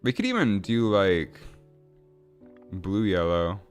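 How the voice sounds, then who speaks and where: A man's voice: fairly low pitch, very animated, slow, soft background music. A man casually chatting with viewers while building a game, rambling, swearing and laughing. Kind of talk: casual livestream chat.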